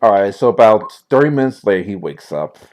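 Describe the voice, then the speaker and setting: A man's voice: fairly low pitch, animated, fairly quick, darkish tone. Casual man running a tabletop game. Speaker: game master.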